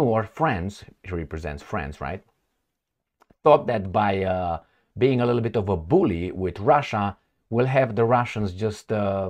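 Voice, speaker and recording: A man hosting a political commentary channel, talking casually and sardonically with frequent fillers. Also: on the low side. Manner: conversational, sardonic, many fillers.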